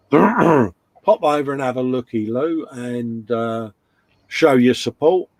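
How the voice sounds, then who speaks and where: A man's voice: medium pitch, slow, a little mellow, no echo. Middle-aged guy doing a chatty live stream, reads out comments, punny, dry close sound. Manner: chatty, reads viewer comments aloud, fond of puns. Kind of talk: casual live-stream chat.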